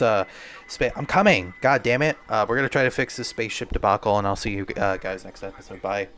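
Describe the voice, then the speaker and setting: A man's voice: on the low side, brisk, a bit bright, a little hiss or hum. A man hosting a podcast, delivering a rambling, stammering comedic monologue full of crude jokes. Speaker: podcast host.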